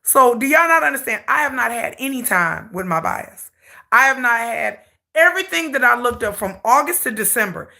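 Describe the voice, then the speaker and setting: A woman hosting a K-pop channel livestream, telling a dramatic, salty story with animated humor. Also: a little high, moderate pace, gravelly. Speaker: K-pop YouTube channel host. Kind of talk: casual livestream rant.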